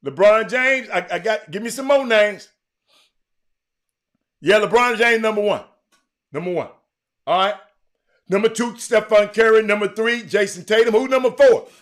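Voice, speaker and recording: A man hosting a casual livestream, bantering with his chat in a teasing, animated way, often repeating and restarting his words. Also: high voice, normal speed, long pauses. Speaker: livestream host. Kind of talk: casual livestream chat reading viewer comments.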